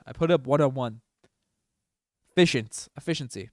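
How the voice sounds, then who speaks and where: Excitable male fan streamer calling a game. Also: fairly high pitch, normal speed, no echo, studio quality. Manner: excitable, swings from mumbling to shouting. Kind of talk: casual fan livestream commentary. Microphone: desk microphone.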